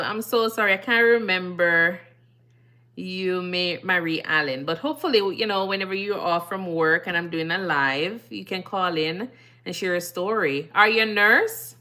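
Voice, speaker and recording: A woman's voice: fairly low pitch, measured pace, sharp tone. A woman with a Jamaican accent, a nurse chatting casually on her live stream, reading out viewer comments and answering them.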